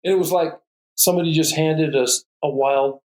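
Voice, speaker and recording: A man's voice: a little high, steady tone, normal speed, a little mellow. A man, a guest falconer, telling stories in a podcast conversation and often laughing. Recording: roomy echo.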